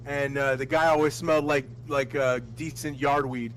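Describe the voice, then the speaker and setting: A man telling crude, animated stories full of cursing in a casual podcast chat. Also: mid-range voice, moderate pace, a little hiss or hum, poor audio. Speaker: podcast co-host.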